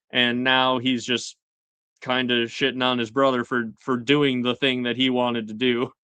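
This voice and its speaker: A man casually recapping a TV episode for his show, chatty with lots of fillers and quick paraphrased quotes. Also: mid-range voice, little pitch movement, bright, forceful tone, smooth, dry recording. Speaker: show host.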